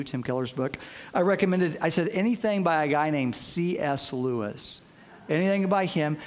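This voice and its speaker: A man preaching a sermon, telling stories with lively acted-out quotes and frequent restarts. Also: on the high side. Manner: storytelling, acts out quoted voices, frequent restarts. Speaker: pastor.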